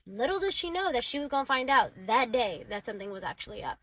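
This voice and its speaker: A woman's voice: a little high, very animated, quick pace, a bit bright. Chatty woman retelling gossip, dramatic. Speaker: storytime narrator. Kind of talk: casual storytime recap.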